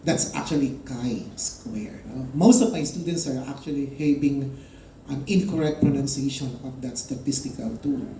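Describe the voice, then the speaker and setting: Echoey lecturing man, mellow tone. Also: mid-range voice, steady tone, normal speed, slight background noise. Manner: explanatory, many fillers and emphatic rises. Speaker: statistics lecturer. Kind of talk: recorded lecture.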